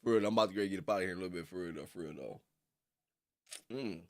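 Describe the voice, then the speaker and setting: A young man streaming casually to his viewers: loose, slangy, laughing often and jumping into high squeals. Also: racing. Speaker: streamer reacting to videos. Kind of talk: casual chat with live viewers.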